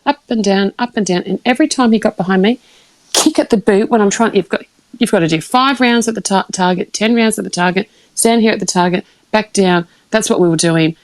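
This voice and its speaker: An Australian woman tells a long story on her live stream, rambling, full of restarts and bursts of laughter. Her voice sits at an ordinary pitch and comes through close and dry, with no room sound. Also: a little fast, dry recording, poor audio. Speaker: livestream host. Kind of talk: casual storytelling.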